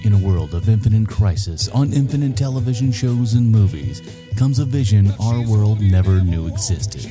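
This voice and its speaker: A man doing a hushed mock trailer announcer. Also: fairly low pitch, animated, moderate pace, over music, pitched below the performer's own voice, close to an everyday voice. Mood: mock epic. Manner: half-whispered dramatic voice-over.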